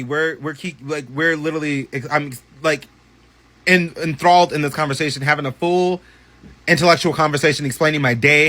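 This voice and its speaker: A man telling a personal story in a casual storytime vlog, animated and profane, with many chatty asides. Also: a little high.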